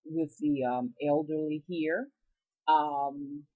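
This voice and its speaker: Low-pitched Southern woman with a drawl; casual, meandering vlog storyteller. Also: fairly even intonation, slow, phone-quality sound. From Southern United States. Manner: rambling, chatty, talks straight to her audience. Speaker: rootworker storyteller.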